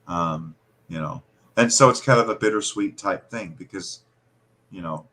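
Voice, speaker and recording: Man, low voice, casual conversation, rambling, animated. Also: normal speed, poor audio. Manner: rambling, animated, puts on regional accents.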